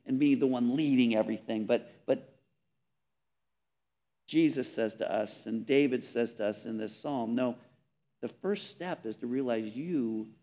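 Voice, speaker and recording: A man preaching a sermon, earnest and emphatic, repeating words and dropping softly on key phrases. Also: mid-range voice. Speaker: pastor.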